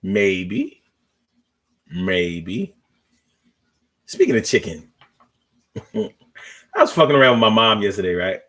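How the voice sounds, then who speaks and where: Animated man telling loose stories. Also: lowish voice. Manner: loose, profane, conversational; drawn-out, searching pauses. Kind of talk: casual storytelling monologue.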